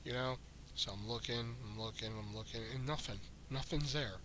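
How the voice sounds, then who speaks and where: A man's voice: medium pitch, moderate pace, background noise. A man hosting a podcast, telling a story in casual chat, swearing freely and sounding exasperated. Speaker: podcast host.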